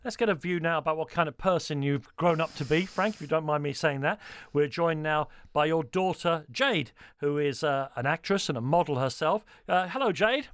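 A man's voice: fairly high pitch, normal speed, a bit bright, no echo. A man hosting a radio talk show, chatty and joking, with frequent fillers and restarts. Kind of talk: radio interview. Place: radio studio.

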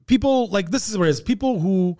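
A high-pitched man from Montreal talks as a comedian guest on a podcast. He rambles through profane stories, full of fillers and restarts. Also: lively intonation, brisk, warm tone. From Montreal, Canada. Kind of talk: casual podcast chat.

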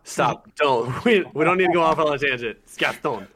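Male game master, lively and exasperated, a bit high-pitched. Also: fairly quick. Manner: lively, laughing, exasperated at the players. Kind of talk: narrating a tabletop game.

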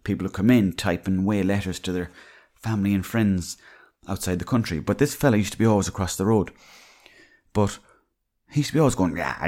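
A man's voice: low voice, mellow. An Irish man hosting a podcast, telling rambling, salty anecdotes in a casual monologue. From Ireland. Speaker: podcast host.

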